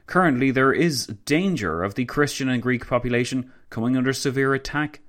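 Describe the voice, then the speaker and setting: A man's voice: mid-range voice, a little fast, fairly bright tone, voice pushed up, natural voice. A man voicing an earnest male prime minister who pleads with urgency. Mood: urgent.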